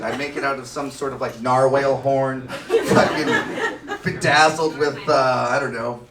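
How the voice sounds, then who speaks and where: A man's voice: a little high, reverberant, recorded from a distance, very noisy. A Canadian man doing a crude, rowdy stand-up comedy set on a sports bar stage. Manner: crude, rowdy storytelling with lots of swearing.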